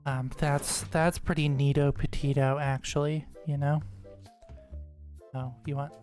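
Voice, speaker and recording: A woman's voice: sits low, level tone, unhurried, over music. A woman giving casual gameplay commentary, rambling and ranting with exasperated swearing. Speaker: gaming streamer.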